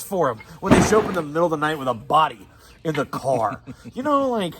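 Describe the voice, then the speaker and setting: Fast-talking man, casual movie chat. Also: a little high, sing-song, slight background noise. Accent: Southern US. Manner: rambling, profane, quick, laughs often. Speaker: co-host.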